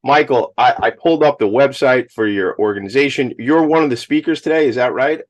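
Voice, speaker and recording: A man hosting a radio talk show on location, speaking with effusive enthusiasm. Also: medium pitch. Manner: enthusiastic, effusive, rapid talker. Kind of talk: casual radio interview. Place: on location at a high school.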